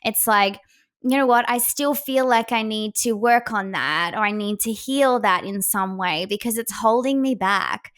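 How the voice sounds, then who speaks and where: A woman's voice: mid-range voice, fairly bright tone, smooth. A young adult woman, a psychic medium, talking candidly in a casual podcast interview, acting out her own inner voice.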